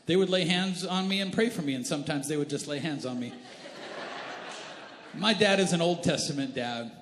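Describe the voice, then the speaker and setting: A man's voice: on the high side, fairly bright tone. A male pastor in his thirties telling funny family stories in a sermon, self-deprecating and chatty, with asides to the congregation. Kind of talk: humorous sermon storytelling. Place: large church hall. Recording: roomy church hall with long reverb.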